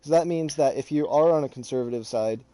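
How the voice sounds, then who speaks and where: A man's voice: mid-range voice, a little fast, dark tone. A man chatting casually with a friend, rambling and restarting his sentences often. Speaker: channel host. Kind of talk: casual chat while gaming.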